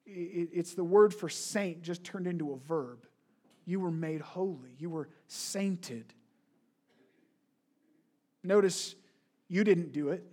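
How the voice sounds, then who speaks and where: Middle-aged male pastor, high voice, earnest sermon delivery with rhetorical questions.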